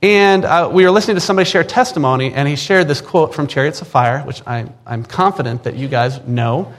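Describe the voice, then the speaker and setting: Midwest guy in his 40s preaching his testimony, earnest, kinda high voice, stacks repeats when he leans in. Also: a little fast. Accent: Upper Midwest American. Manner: earnest, emphatic, repeats words when stressing a point. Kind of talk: personal testimony sermon.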